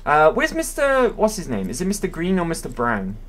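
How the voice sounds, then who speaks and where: A man's voice: fairly high pitch, wildly swooping pitch, fairly quick, a bit bright. A man casually commentating his own gameplay, chatty and playful, often correcting himself. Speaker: game streamer. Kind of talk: casual let's-play commentary.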